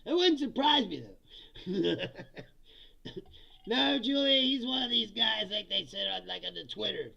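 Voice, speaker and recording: Gravelly, bright-voiced comedic man. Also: sits high, animated, a little slow, long pauses. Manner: profane, mocking, laughs often. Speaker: host. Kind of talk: live political comedy stream reading chat. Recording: dull lo-fi sound.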